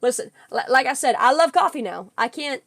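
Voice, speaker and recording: Excitable high-voiced young woman streamer. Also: a little fast, dry recording. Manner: excitable, giggly storytelling. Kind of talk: casual livestream chat with viewers.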